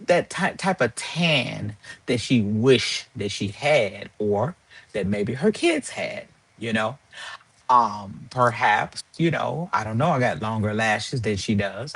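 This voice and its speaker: A man's voice: mid-range voice, a bit bright, slightly rough, no room sound. A man hosting a live stream, ranting in a heated, profane and sarcastic way. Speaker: livestream host.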